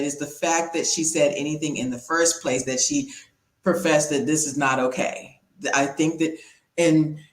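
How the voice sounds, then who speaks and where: A woman raised in California hosting a casual panel discussion over a video call, speaking reflectively with many pauses. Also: low-pitched. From born in the US South, raised in California. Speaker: panel host. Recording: roomy echoey sound.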